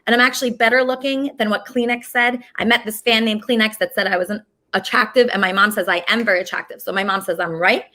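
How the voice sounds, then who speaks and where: A woman's voice: medium pitch, fairly even intonation, fast, bright, forceful tone. A young woman hosting a casual video show, ranting indignantly and swearing. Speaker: host.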